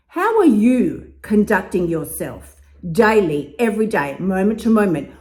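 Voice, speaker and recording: A woman's voice: fairly high pitch, darkish tone. A woman who coaches weight loss tells a story in a casual monologue, swearing often and laughing between lines.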